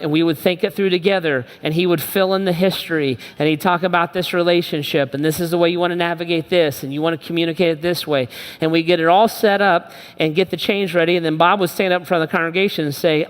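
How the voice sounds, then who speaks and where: A man's voice: fairly high pitch, steady tone, quick pace, smooth. A man preaching a sermon as pastor, conversational and emphatic, repeating his phrases for weight. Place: church auditorium. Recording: echoey church hall.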